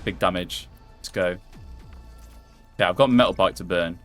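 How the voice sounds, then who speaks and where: Excitable man streaming live gameplay. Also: deep voice, normal speed, faint music behind. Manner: excitable, swears, talks to himself and the game character.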